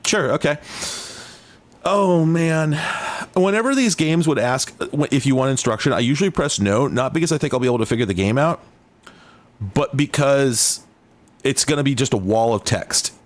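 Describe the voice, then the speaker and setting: A man in the middle of the usual pitch range mutters and rambles through casual retro-gaming commentary. He is sardonic and keeps breaking off his own sentences, then starting them again. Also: expressive, moderate pace. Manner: rambling, sardonic, self-interrupting. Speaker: host. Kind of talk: casual commentary while playing retro games.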